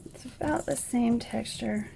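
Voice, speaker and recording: A woman with a fairly high voice and a gravelly edge talks viewers through a craft tutorial in a hushed, half-whispered way, since the rest of her home is asleep. Her tone is chatty and easygoing, full of little asides. The recording has steady background noise and clicks. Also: a little slow. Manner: hushed, half-whispered while others sleep. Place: home at night.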